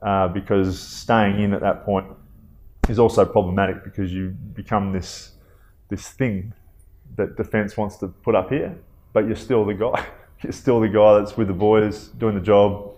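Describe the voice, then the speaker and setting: An Australian man in his thirties speaks as an interview guest with a fairly low voice. He talks in a relaxed, conversational way, pausing on fillers and wandering into asides as he tells his stories. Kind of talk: casual interview storytelling.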